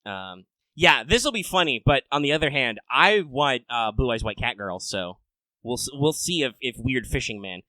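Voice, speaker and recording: A man hosting a casual podcast, rambling and swearing, swinging between loud rants and low mutters. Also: lively intonation, normal speed, dry recording, rough recording. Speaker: podcast host.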